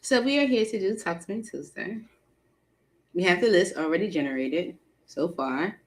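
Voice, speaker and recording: A woman hosting a live tarot stream, chatting casually with viewers, animated and laughing often, with features. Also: on the low side, normal speed. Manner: animated, laughs often, talks to the chat directly.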